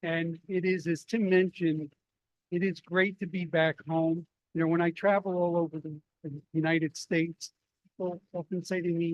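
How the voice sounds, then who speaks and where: An older man with a New Jersey accent, giving a public lecture in a library and telling stories with animated asides. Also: high-pitched, moderate pace, no room sound, poor audio. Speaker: guest speaker. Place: library event hall.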